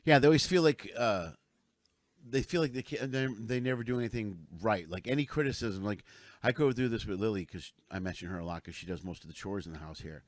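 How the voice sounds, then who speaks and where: A man's voice: fairly low pitch, a little fast, no echo. A middle-aged man co-hosting a casual parenting podcast, rambling and repeating himself as he acts out talks with his daughter. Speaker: podcast co-host.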